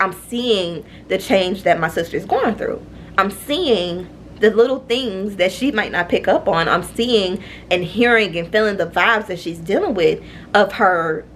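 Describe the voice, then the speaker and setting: A woman vlogger telling a personal story to her viewers, earnest and confiding, repeating herself and jumping up high in pitch when she gets emphatic. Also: a bit bright, a little hiss or hum. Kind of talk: candid personal storytelling to camera.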